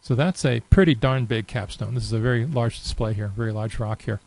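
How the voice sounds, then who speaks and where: A man giving a relaxed, unscripted screen-recorded software tutorial, thinking aloud with many fillers. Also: medium pitch, fairly quick, gravelly, poor audio. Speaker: software demonstrator.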